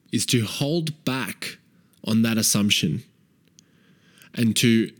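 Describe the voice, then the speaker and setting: A man coaching fathers in a frank, profane way. He keeps asking "right?" and repeats key phrases for emphasis. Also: medium pitch. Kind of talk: direct-to-camera advice talk.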